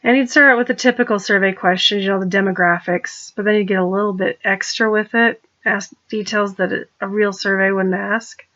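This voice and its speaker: A woman's voice: mid-range voice, steady tone, a little fast, hardly any pauses, pushed and bright, muffled recording. A woman talking in a rambling personal monologue, restarting her sentences and turning pointed and accusing. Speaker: vlogger.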